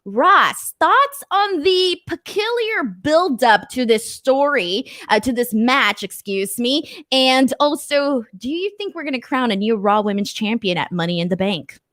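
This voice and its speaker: A young American woman hosting a wrestling predictions livestream, lively and expressive, often breaking into laughter. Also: high voice, unhurried, hardly any pauses, dry recording, studio quality. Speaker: host. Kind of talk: casual livestream chat.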